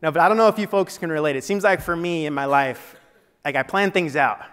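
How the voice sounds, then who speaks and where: A man's voice: fairly high pitch, quick pace, fairly bright tone. Man telling his story in a reverberant hall. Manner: conversational, with frequent "you know" and restarts. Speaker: keynote speaker. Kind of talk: motivational storytelling speech. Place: large meeting hall.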